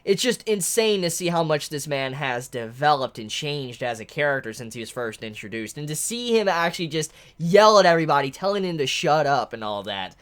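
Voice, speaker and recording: Reading through a chapter, a manga reviewer with a medium-pitched voice thinks out loud. Sentences get restarted, and delighted shouts break out along the way.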